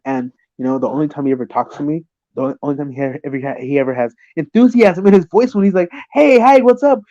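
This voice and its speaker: Man with a dark, mellow voice, animated storyteller, swears often, dull lo-fi call audio. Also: medium pitch, racing, no echo. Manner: animated storytelling, profane, acts out quotes. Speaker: conversation partner. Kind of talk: casual chat.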